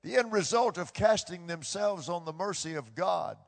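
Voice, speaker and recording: A man preaching a sermon with impassioned delivery, swinging from hushed tones to loud bursts and repeating phrases for emphasis. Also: sits high, expressive, normal speed, vocal fry. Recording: long hall reverb.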